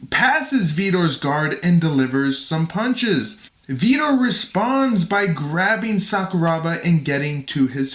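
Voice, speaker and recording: Guy narrating fight play by play, lively pitch, echoey room. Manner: reads play-by-play, jokes and laughs. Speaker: podcast host doing play-by-play review. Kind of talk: narrating fight recap with banter.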